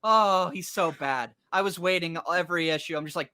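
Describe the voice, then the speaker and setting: A man co-hosting a casual chat, ranting with a lively voice that jumps high when worked up. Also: fairly quick, few pauses, clean tone, dry recording, studio quality. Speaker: podcast co-host.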